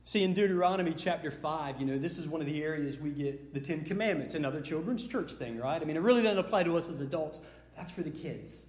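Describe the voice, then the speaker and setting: A man's voice: a little high, animated, quick pace, darkish tone. A man preaching a sermon in an earnest way, often repeating words as he builds emphasis. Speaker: pastor. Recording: echoey hall with long reverb.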